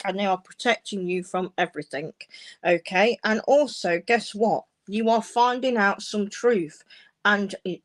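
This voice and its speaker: A woman hosting a live-streamed mediumship session, speaking reassuringly to callers and calling them darling and my love. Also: medium pitch. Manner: warm, reassuring, uses endearments like darling and my love. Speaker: medium giving live readings. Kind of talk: live-streamed psychic reading.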